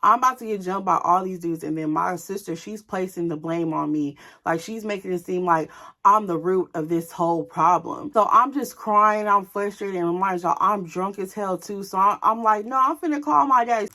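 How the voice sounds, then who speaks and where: A young woman vlogger telling a story in a casual, animated way, candid and profane, speaking straight to her viewers. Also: lowish voice, normal speed.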